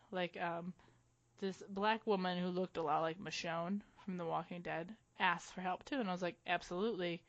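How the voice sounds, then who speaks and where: A woman co-hosting a podcast, telling stories in a casual, animated way with frequent laughs. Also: lowish voice. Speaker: podcast co-host. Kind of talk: casual chat. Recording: dull lo-fi recording.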